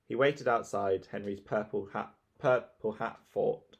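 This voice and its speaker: A man narrating a children's storybook in a lively, expressive reading. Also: fairly low pitch, unhurried, creaky, husky, dull audio. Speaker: audiobook narrator.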